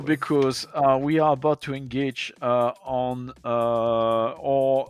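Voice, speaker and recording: A man's voice: mid-range voice, flat delivery, slow, clean tone, no echo. A man acting as game master, prompting players with questions and calling for dice rolls. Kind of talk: running a tabletop game.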